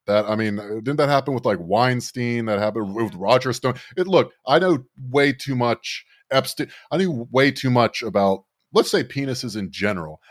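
Dry close podcast guy, kinda low voice, sardonic rambling, lots of restarts. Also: no echo. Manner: sardonic, rambling, frequent self-corrections. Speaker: podcast co-host. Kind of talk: casual political podcast banter.

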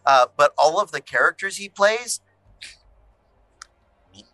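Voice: mid-range voice, animated, measured pace, bright, forceful tone, no echo, low-quality recording. A player at a tabletop game, ranting emphatically and theatrically in casual chat.

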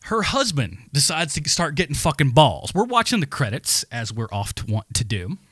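A man co-hosting a podcast, telling a story in a casual, animated, heavily profane rant. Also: a little high, moderate pace, breathy edge, no echo, clean studio sound. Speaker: podcast co-host.

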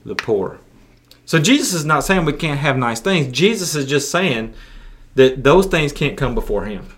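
A man hosting a casual sermon podcast for young listeners, folksy and prone to repeating words as he restarts. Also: medium pitch. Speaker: youth pastor podcast host.

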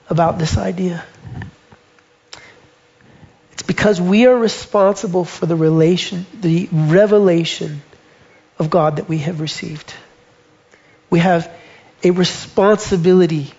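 A man preaching a sermon, emphatic, slowing down and dropping soft when he quotes scripture and verse. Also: high-pitched, gravelly, lo-fi sound. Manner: emphatic, slows and drops to near whisper on quoted lines.

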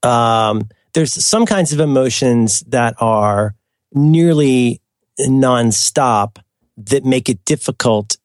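A man chatting casually on a podcast, tossing in quick jokes and laughing easily. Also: medium pitch, dry recording, clean studio sound. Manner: quick joking asides, laughs readily. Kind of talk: casual chat.

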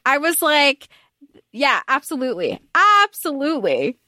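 A woman co-hosting a podcast, talking casually about a novel with animated, exasperated reactions. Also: high-pitched, moderate pace, no echo, studio quality. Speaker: podcast co-host. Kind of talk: casual book discussion.

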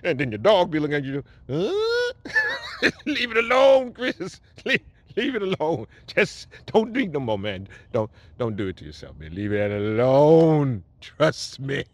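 A man recording a playful video shout-out in a put-on Jamaican patois accent, teasing and laughing. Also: fairly high pitch, huge pitch swings, no echo, full character voice. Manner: laughing, teasing, drawn-out exclamations. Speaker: celebrity recording paid video greetings.

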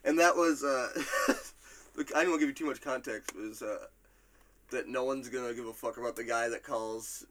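A man's voice: mid-range voice, normal speed, a bit bright, a little hiss or hum. A man hosting a casual podcast quiz game, loose and profane, laughing often between reading out quotes. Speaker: quiz host.

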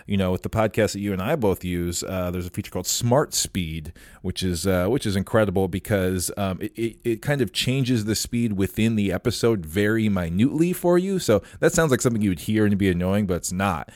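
A man hosting a casual podcast, talking in a halting way full of fillers and restarts. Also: lowish voice, a little mellow, no echo, clean studio sound. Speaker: podcast host. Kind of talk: casual chat.

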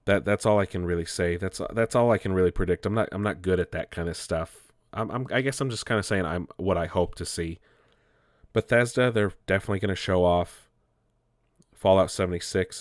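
A man's voice: deep voice, fairly even intonation, a little fast, dry recording, studio quality. A man giving casual, rambling commentary, often restarting his sentences and swearing offhand. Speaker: gaming commentator.

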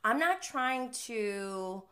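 A woman's voice: fairly high pitch, expressive, very slow, fairly bright tone. A young woman hosting a live stream, chatting casually through a TV episode recap, laughing and using many fillers. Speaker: recap host.

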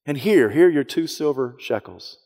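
A man's voice: fairly high pitch, animated, moderate pace, darkish tone. Man putting on a dismissive scheming brother. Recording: long hall reverb.

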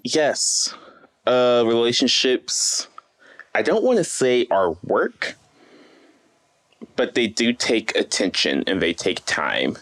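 A man's voice: mid-range voice, big pitch swings, takes it slowly, long pauses, fairly bright tone. A young man co-hosting a casual podcast, wry and joking. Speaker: podcast co-host.

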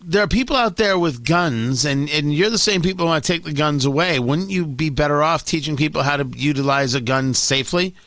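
A man's voice: on the high side, a little fast, hardly any pauses, fairly bright tone. A man hosting an opinion talk show, ranting sarcastically and stammering as he gets worked up.

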